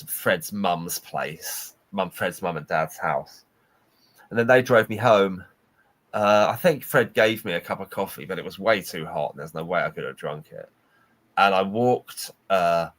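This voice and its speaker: Middle-aged man, low voice, animated storyteller who jumps into character voices. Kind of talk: casual anecdote telling.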